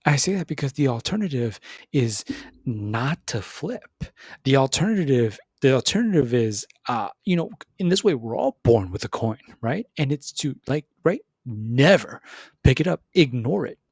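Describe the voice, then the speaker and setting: A man hosting a podcast, giving an animated motivational monologue, repeating words and acting out other voices. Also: normal speed, breathy edge, dry recording, studio quality. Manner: animated, repeats words, acts out voices with big pitch jumps. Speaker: podcast host.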